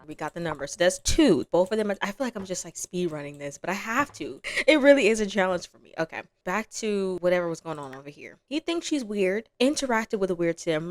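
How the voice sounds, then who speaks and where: Young woman, gaming vlogger, chatty, playful, animated voice, medium pitch. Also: no room sound. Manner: chatty, playful, quick to laugh. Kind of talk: casual gameplay commentary.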